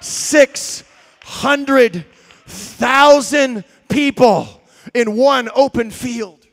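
High gravelly shouting preacher man. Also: very slow. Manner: shouting, animated storytelling with swings from loud to quiet. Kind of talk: sermon.

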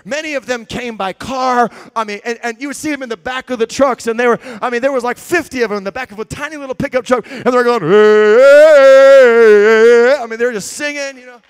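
A man preaching a sermon, telling stories with swings between shouts and quiet asides. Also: very high-pitched, fast talker, hardly any pauses. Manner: shouting, animated storytelling with swings from loud to quiet.

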